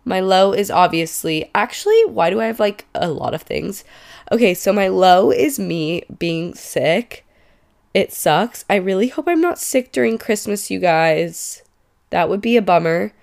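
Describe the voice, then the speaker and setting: A woman's voice: medium pitch, lively intonation, unhurried, vocal fry, a little mellow. A young woman in her twenties hosting a casual podcast, stuffed up from a cold and talking in a chatty, emphatic way. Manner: chatty and emphatic, rising to exclaim in mock outrage. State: congested from a cold. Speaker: podcast host. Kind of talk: casual solo podcast chat.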